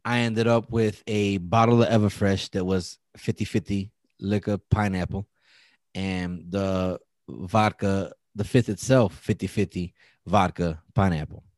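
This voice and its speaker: A man's voice: sits low, fairly even intonation, unhurried, darkish tone, no echo, studio quality. A man hosting a podcast in loose, profane casual chat, a bit tipsy from drinking. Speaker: podcast host.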